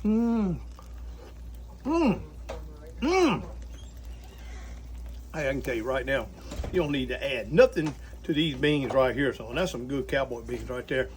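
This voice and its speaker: A man's voice: medium pitch, a little fast, rough recording. A man hosting a casual outdoor cooking vlog, talking folksy to viewers as he cooks. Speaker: cooking channel host. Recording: sizzling griddle noise behind.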